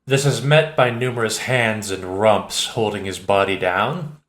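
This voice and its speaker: A man reading an audiobook in a steady, measured narration. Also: lowish voice, roomy sound. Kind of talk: scripted narration.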